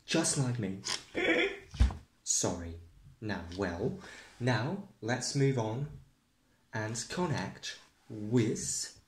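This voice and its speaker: A man doing a comedic mock newscast as the presenter, rambling and deadpan. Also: medium pitch, very slow, pauses often, a little hiss or hum. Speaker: parody news presenter. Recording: echoey room.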